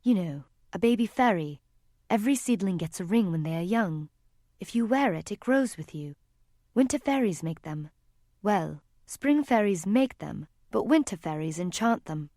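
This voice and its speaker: A woman voicing a gentle young male faerie in an audiobook, speaking softly and intimately. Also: medium pitch, expressive, normal speed, no echo, clean studio sound, natural voice. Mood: explaining. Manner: soft, quiet, intimate speech. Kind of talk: audiobook character reading.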